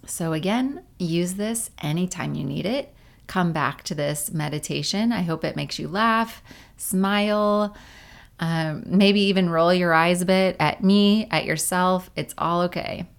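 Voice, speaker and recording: A woman leading a guided meditation in a gentle, unhurried way, with casual fillers along the way. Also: fairly low pitch, creaky.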